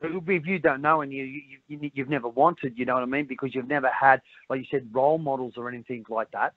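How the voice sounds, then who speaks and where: A man's voice: mid-range voice, steady tone, fairly quick, no room sound. A middle-aged man with an Australian accent, talking candidly as an interview guest, rambling and repeating words as he says "mate" over and over. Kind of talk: candid conversation. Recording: dry tinny phone-like sound.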